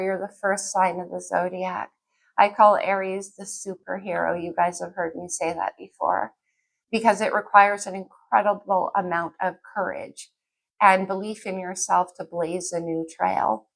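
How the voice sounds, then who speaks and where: A woman's voice: mid-range voice, flat delivery, unhurried, gravelly. A woman giving a casual tarot reading to camera, chatty and a little scattered, thinking aloud as she pulls cards. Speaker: tarot reader.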